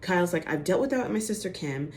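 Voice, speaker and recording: A woman's voice: on the low side, lively intonation, fast, a little mellow, a little hiss or hum. A woman giving a casual, chatty recap of a TV episode, full of "like" and "you know" and acting out the quotes. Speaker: reality TV recap host.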